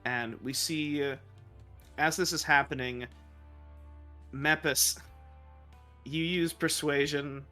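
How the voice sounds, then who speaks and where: A man's voice: fairly high pitch, fairly even intonation, slow pace, pauses often, sharp tone, faint music behind. A man running a tabletop game as dungeon master, narrating with frequent laughs and fillers. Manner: laughing often, with fillers and restarts.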